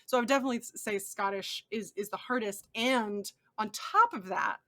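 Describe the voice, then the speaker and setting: Bright-voiced young woman, enthusiastic guest. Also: medium pitch, brisk. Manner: enthusiastic, laughs often, many restarts. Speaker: interview guest. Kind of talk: casual interview chat.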